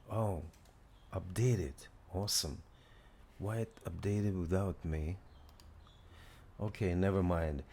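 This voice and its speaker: Guy showing off his new app, slow easy talk, kinda low voice, keeps stopping to try stuff. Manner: excited, thinking aloud, self-correcting. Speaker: host. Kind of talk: casual software demo.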